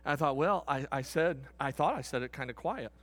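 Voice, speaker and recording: A middle-aged man, a pastor, telling a story in a sermon, animated and swinging from shouts to hushed tones. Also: fairly high pitch, brisk.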